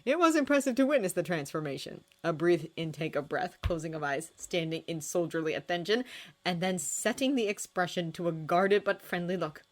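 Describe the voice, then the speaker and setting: A woman narrating fan fiction as an expressive, dramatic audiobook reading. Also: lowish voice, a little fast. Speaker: fanfiction reader.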